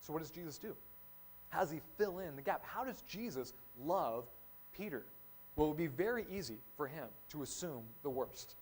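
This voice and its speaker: A male pastor preaching a casual, conversational sermon, acting out short quotes in lively voices. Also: fairly high pitch, moderate pace, a little hiss or hum, low-quality recording.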